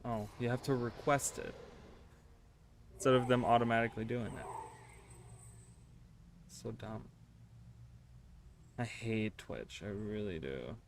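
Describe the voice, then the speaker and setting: A man's voice: fairly low pitch, takes it slowly, vocal fry, long pauses. Guy streaming a game, chatting w chat, gets flustered easy, faint hiss behind. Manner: chatty, talks to viewers, easily flustered and exasperated. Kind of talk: casual livestream chat while gaming.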